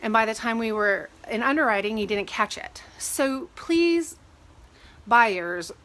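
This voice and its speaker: A woman real estate agent giving casual advice, sniffling from a cold and animated when she retells her arguments. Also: fairly high pitch, a little slow. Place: home with dogs.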